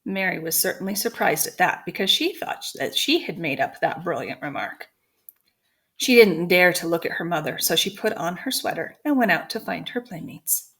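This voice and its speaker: A woman's voice: on the low side, lively intonation, normal speed, a bit bright, husky. Woman reading a children's chapter book aloud. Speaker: teacher reading to students. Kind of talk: storybook read-aloud.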